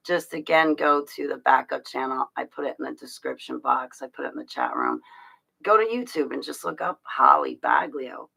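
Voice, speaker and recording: Gravelly, forceful woman chatting on a livestream. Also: a bass voice, big pitch swings, brisk, low-quality recording. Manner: rambling, confiding, emotional, with frequent laughs and restarts. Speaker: livestream host talking to her chat. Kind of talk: casual livestream chat.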